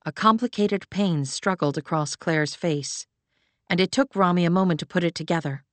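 A woman reading fantasy fiction aloud as an audiobook narrator, in an even, measured way. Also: on the low side, no echo.

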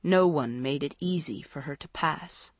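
A woman narrating a storybook in a measured, dramatic way. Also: low-pitched, dry recording. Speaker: audiobook narrator.

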